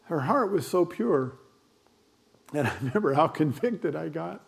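An older male pastor preaching in a loose, conversational way, dropping in fillers and little asides. His voice sits a touch higher than most men's. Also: animated, unhurried, gravelly. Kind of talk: sermon.

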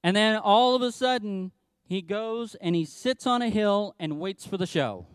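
A man pastor preaching a sermon, telling the story in an animated way and acting out the quotes himself. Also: high-pitched, a little slow, clear, resonant tone, dry recording.

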